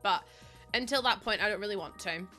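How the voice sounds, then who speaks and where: A woman's voice: mid-range voice, fairly quick, pushed and bright, soft background music. A young woman with a Northern Irish accent, chatting casually and self-mockingly while live-streaming, often laughing and reading chat aloud. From Northern Ireland.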